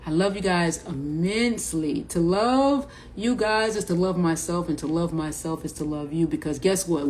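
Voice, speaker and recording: A woman's voice: fairly low pitch, moderate pace, few pauses, a little mellow, slight background noise, poor audio. A middle-aged woman talking casually to camera about spiritual awareness, in a loose, slangy, rambling way, often repeating her words. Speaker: spiritual vlogger.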